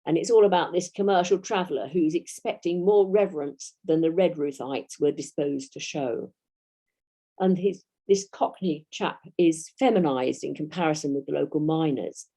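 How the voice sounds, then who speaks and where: A woman with a British English accent gives a history lecture, reading out dates and quotations at a measured pace. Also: low voice, dark tone. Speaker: historian giving a talk.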